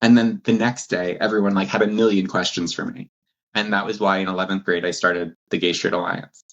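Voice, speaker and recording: Lively storytelling man, dull lo-fi sound. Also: fairly quick. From New Jersey. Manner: animated, laughs often, acts out quotes in a higher voice. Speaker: podcast guest. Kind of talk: casual storytelling.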